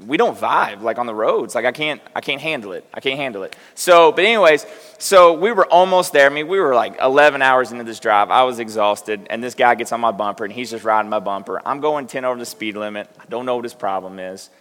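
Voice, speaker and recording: A man's voice: mid-range voice, brisk, a bit bright. A middle-aged male pastor giving a conversational sermon in a church, telling self-deprecating stories and asking the congregation direct questions. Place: church sanctuary. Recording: long hall reverb.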